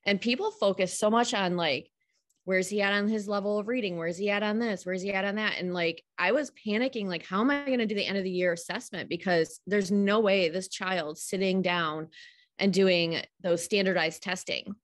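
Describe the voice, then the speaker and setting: A woman guest speaks at a middle pitch in a casual live call. She is a homeschooling mother who talks things through at length in an earnest, open way. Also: normal speed.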